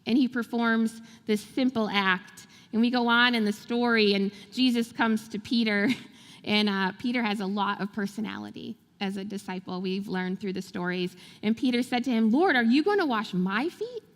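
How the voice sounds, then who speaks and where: A woman's voice: medium pitch, fairly even intonation, moderate pace, smooth. A woman pastor preaching a sermon, telling the story animatedly and acting out the quotes. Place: large church sanctuary. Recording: long hall reverb in a church.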